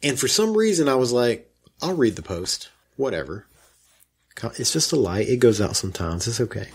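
A husky-voiced man co-hosting a casual podcast chat. He rants with real indignation, and his pitch leaps and dips all over as he gets worked up. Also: normal speed. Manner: indignant, animated ranting storyteller. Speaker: podcast co-host.

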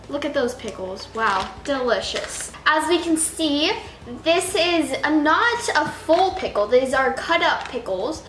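High bright woman, rambling self-mocking vlog chatter, echoey room, faint hiss. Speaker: vlogger. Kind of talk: casual food-tasting vlog.

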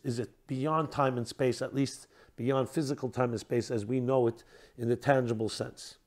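A man speaking as a rabbi in a reflective teaching talk, posing rhetorical questions and trailing off softly at the ends of phrases. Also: medium pitch, fairly even intonation, moderate pace.

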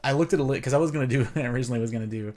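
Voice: mid-range voice, very fast, a little mellow. Podcast co-host reading facts with jokes. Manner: reads facts aloud, jokey asides. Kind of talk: casual podcast chat.

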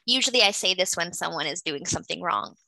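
A woman's voice: lowish voice, lively intonation, fast, gravelly, sharp tone, dry recording, poor audio. A Canadian woman teaching an English class over a video call, patiently explaining grammar and calling on students.

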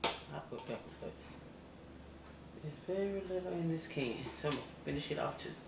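A woman's voice: low-pitched, animated, normal speed, creaky. An older woman, a grandmother, cooking at home in her kitchen and chatting folksy to her viewers, often checking in with "okay?". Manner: folksy, chatty, keeps asking "okay?" and calls viewers y'all and baby. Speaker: home cook. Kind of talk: cooking demonstration vlog. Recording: echoey room with loud background noise.

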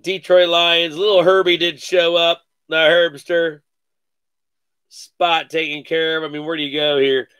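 A man hosting a live sports card break, calling out each card with excited slang and cursing. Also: a little high, smooth, dry recording. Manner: excited, calls out cards rapidly with slang and cursing.

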